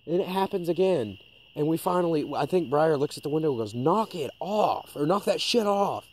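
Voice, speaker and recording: A man's voice: on the high side, brisk. A man co-hosting a podcast, casually telling a ghost story, swearing a lot and acting out the quoted lines. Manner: swearing, animated retelling with quoted voices. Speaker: podcast co-host.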